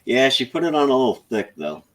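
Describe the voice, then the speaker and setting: A man with a Southern drawl, co-hosting a live stream in slow, easygoing casual chat. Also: medium pitch, big pitch swings, slight background noise. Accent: American Southern drawl.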